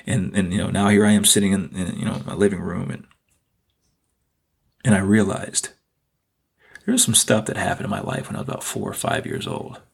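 A man with a low, gravelly and slightly husky voice, speaking as a podcast host. He tells a personal story earnestly and reflectively, often repeating phrases for emphasis. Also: big pitch swings, fairly quick, long pauses.

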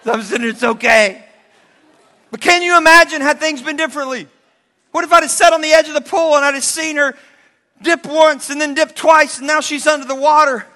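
A middle-aged male pastor delivers a sermon in a strikingly high, bright voice. He tells his story with animated energy and breaks into bursts of shouting. The sound rings out with a long reverb, as in a large hall. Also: fairly quick.

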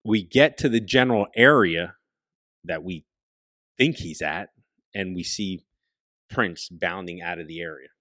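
A man, a guest on a talk show, telling a hunting story in a casual, profane, animated way and often dropping his voice to a hush. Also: low voice, a little slow, pauses often, no room sound. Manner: profane, animated storyteller who drops into hushed tones.

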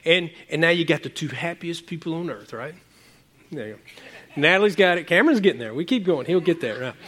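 A man preaching a sermon as pastor, animated and joking with his congregation, his voice jumping to excited peaks. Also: on the high side, brisk.

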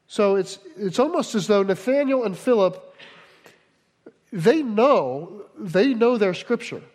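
A man's voice: high-pitched, moderate pace, big-room sound. A man preaching a sermon as pastor, teaching in a conversational way with frequent asides to the congregation. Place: church hall in Delaware.

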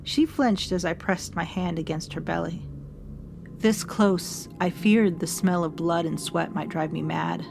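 A woman narrating a first-person gothic story in a measured, solemn, intimate voice, like reading a letter aloud. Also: fairly low pitch, vocal fry, over music.

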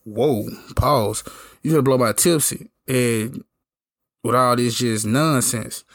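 Hoarse dude just chatting, gravelly voice, super dry close sound, slangy and chill. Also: male voice, medium pitch, slow pace, dry recording. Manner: laid-back slangy talk, lots of "you know what I'm saying". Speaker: podcast host telling a story. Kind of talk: casual storytelling.

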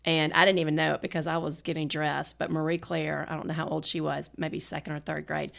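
Gravelly low-voiced woman podcast host. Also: fairly quick. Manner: animated, laughs often while telling stories. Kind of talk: casual conversational storytelling.

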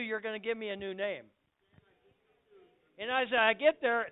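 Older man preaching, very high lively voice, excitable, thin phone-quality sound. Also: normal speed, smooth. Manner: excitable, loud bursts, repeats words. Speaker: pastor. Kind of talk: lively church sermon. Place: church. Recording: phone-like lo-fi recording.

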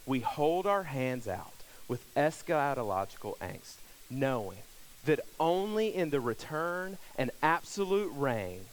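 A man's voice: mid-range voice, slight background noise, poor audio. A man preaching a sermon to his church, telling stories and building to fervent, emphatic appeals. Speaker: pastor.

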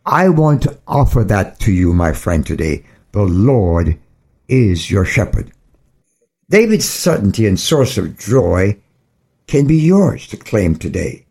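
Slow, deliberate preaching man. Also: lowish voice, big pitch swings, a little mellow, husky. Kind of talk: radio sermon.

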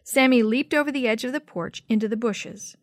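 A woman narrating a children's story in a steady, clear read-aloud style. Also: fairly high pitch, fairly quick, no room sound, clean studio sound.

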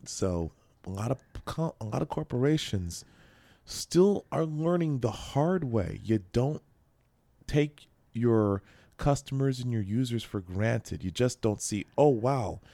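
A man's voice: mid-range voice, lively intonation, slow, vocal fry, dark tone, no room sound. A man co-hosting a podcast, chatting loosely through the news with a rambling, jokey manner. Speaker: podcast co-host. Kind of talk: casual news chat. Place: local radio studio.

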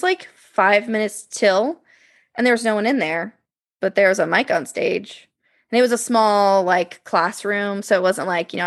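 A woman telling a lively anecdote in casual conversation, animated and full of fillers. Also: medium pitch. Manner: animated, acts out voices in her anecdote, laughs. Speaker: podcast guest telling a story. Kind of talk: casual storytelling.

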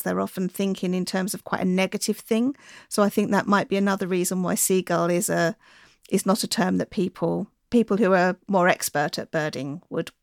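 A woman talking casually as a guest on a podcast, explaining things in a relaxed, friendly way. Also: medium pitch, gravelly, no echo, studio quality. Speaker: bird enthusiast guest.

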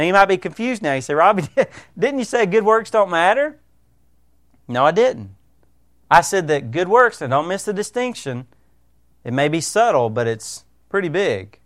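A man's voice: a little high, clear, resonant tone, no room sound, clean studio sound. A middle-aged male pastor preaching a sermon in a conversational way, slipping into the voices of his listeners.

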